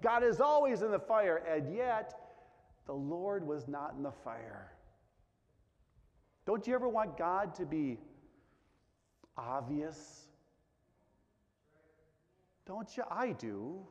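A man preaching a sermon, asking many questions and dropping to a hush on the quiet lines. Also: a little high, very animated, slow, pauses often. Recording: dull sound with long reverb in a large hall.

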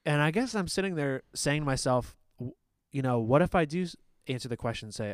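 A man's voice: fairly high pitch, animated, a little fast, few pauses, no room sound. A man in a casual church discussion, thinking aloud and restarting his sentences as he asks the pastors his questions. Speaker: church small-group member asking questions.

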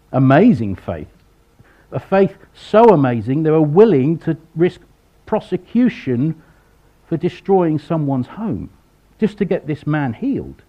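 A man delivers a sermon at an unhurried pace, his voice rising and falling a lot as he acts out the people in the story. The recording sounds dull and lo-fi. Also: fairly high pitch. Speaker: preacher.

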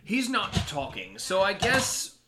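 A man's voice: sits high, wildly swooping pitch, takes it slowly, very noisy. A man running a tabletop game as game master, narrating loosely with frequent restarts.

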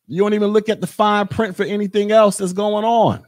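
A man's voice: sits high, fairly even intonation, fairly quick, hardly any pauses, darkish tone, no room sound, studio quality. A podcast host, a man, delivering a blunt, repetitive political rant in a monologue. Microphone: podcast mic.

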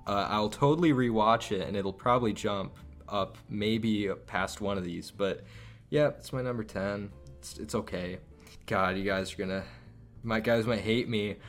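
A man's voice: fairly low pitch, normal speed, faint music behind. A young man co-hosting a casual podcast chat, rambling and enthusiastic, full of fillers and restarts. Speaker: podcast co-host.

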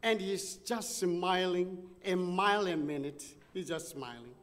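A male preacher telling a story in a sermon, with animated, dramatic delivery. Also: high voice, measured pace. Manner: animated, dramatic storytelling with sudden drops and rises. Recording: long church reverb.

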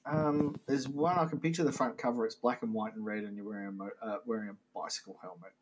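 A man from Australia co-hosting a comedy podcast, playful and teasing, quick to laugh. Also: medium pitch, steady tone, noisy background. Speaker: podcast co-host. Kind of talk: casual comedy chat.

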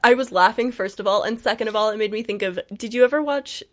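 A young woman co-hosting a podcast in casual chat, animated and laughing as she acts out quotes from a book. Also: mid-range voice, fast talker. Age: young adult. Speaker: podcast co-host recapping a book.

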